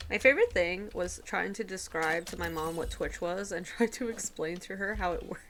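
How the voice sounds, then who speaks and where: A woman streaming a video game from home, chatting casually with a giggly manner and dipping into soft, whispery asides. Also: on the low side, normal speed, a little hiss or hum. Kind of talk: casual gameplay commentary.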